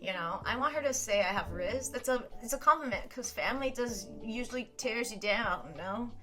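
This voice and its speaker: A young woman chats on a live stream and reads viewer comments aloud. Her tone is bright and lively, and she laughs easily and swears without thinking. Faint music plays in the background. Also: on the high side, a little fast. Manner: chatty, laughs often, swears casually. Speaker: streamer reading chat. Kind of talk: casual live-stream chat.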